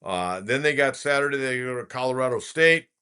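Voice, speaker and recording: A man's voice: medium pitch, expressive, fairly quick, pushed and bright, clean tone. Rambling older man hosting sports talk. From California. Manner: folksy, rambling storyteller with many filler uhs. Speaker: sports radio host. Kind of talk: casual sports talk show.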